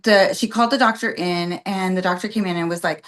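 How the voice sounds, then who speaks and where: A woman's voice: on the low side, fast talker. A young adult woman, a podcast guest, telling her story in a casual, chatty way, full of "like" and "um" and acting out what others said. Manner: chatty, many "like" and "um" fillers, acts out quotes.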